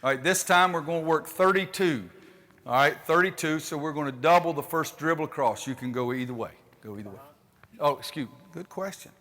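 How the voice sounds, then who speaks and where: A man's voice: a little high, fairly quick, bright, forceful tone, long reverb tail. An older man, a basketball coach, running a clinic demonstration with a folksy manner and calling out instructions to players. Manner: folksy, directs players on court with calls. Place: gym court.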